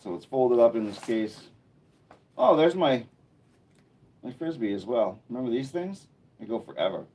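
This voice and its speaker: A man hosting a casual live stream from an indoor room lit by a bright studio light, chatting and thinking aloud as he reads viewer comments. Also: mid-range voice, very animated, moderate pace, pauses often, slight background noise. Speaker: livestreamer.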